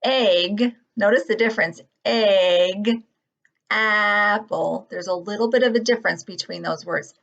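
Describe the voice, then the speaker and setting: A woman teaching a phonics lesson to young children, modeling words in a gentle, patient, drawn-out way. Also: mid-range voice, creaky. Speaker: kindergarten teacher. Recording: dull lo-fi audio.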